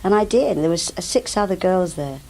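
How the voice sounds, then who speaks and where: An older woman telling lively stories about her stage career, often acting out the voices of other people. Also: lowish voice, brisk, low-quality recording. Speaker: interviewee, actress recalling her career. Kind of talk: anecdotal reminiscing. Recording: old VHS broadcast tape.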